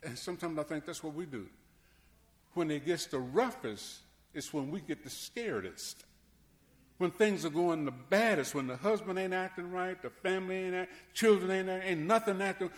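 A man preaching a sermon as pastor, repeating words and swinging from soft asides to hollering. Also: on the high side.

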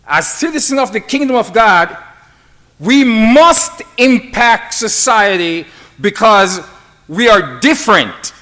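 A man preaching a sermon in a fairly high, very animated voice. He takes his time, leaning on single words and letting pauses hang between short phrases. The delivery is emphatic and deliberate.

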